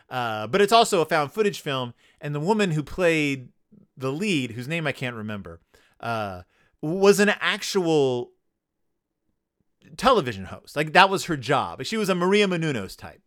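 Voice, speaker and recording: Lively sarcastic man recapping a book. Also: mid-range voice, smooth, no room sound, clean studio sound. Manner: sarcastic, riffing, acts out characters. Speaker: podcast host.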